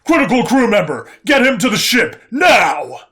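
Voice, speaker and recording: A man voicing a gruff, bossy emergency AI that talks like a drill sergeant. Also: high voice, big pitch swings, moderate pace, sharp tone, voice pushed up, heavily acted. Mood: urgent. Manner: barking, bossy and crude.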